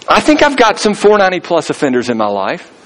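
A man's voice: high voice, wildly swooping pitch, fast, fairly bright tone, rough recording. A man preaching a sermon in a conversational storytelling way, acting out the voices of people he quotes. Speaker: pastor.

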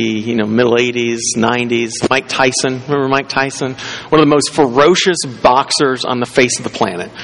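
A man's voice: mid-range voice, fairly bright tone, long reverb tail. A pastor preaching a casual, conversational sermon, often restarting his sentences.

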